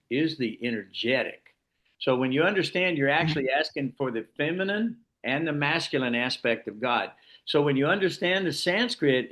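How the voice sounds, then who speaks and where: A man's voice: fairly high pitch, fairly bright tone. A man leading an informal scripture class, explaining at length with frequent restarts. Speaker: class leader.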